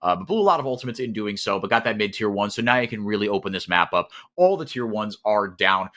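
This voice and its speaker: A man doing live play-by-play commentary on an esports match, calling the action quickly and often repeating words as he thinks. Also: fairly low pitch. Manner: rapid, animated calling with frequent repeated words.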